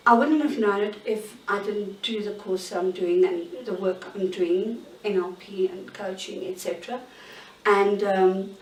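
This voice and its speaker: A woman's voice: mid-range voice, a little hiss or hum. Woman in her sixties, roomy. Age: 60s. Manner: candid, halting, searching for words. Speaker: interviewee. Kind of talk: personal account in an interview. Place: bedroom in her own home. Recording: roomy sound, mic at a distance.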